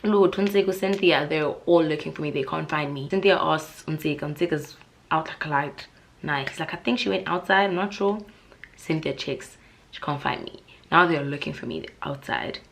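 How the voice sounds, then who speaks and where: A young woman with a South African accent, telling a casual storytime vlog in an animated, dramatic way, with shrill high voices for the people she quotes and hushed whispers for the tense parts. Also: moderate pace, vocal fry, a little hiss or hum. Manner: drops into hushed whispers when telling suspense. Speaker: YouTuber.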